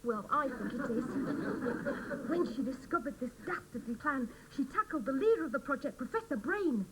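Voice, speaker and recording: An actress playing an eager, gullible do-gooder in a sitcom, earnest and gushing. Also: female voice, sits high, animated, moderate pace. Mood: thrilled. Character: eager, gullible do-gooder woman who craves excitement. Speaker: refuge resident. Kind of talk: 1980s TV sitcom acting. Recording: hissy old TV soundtrack.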